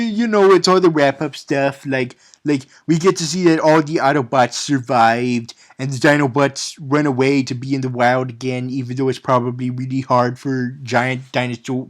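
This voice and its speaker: A man giving a casual, sarcastic recap of a movie, rambling with many stumbles and restarts. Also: a little high. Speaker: movie reviewer.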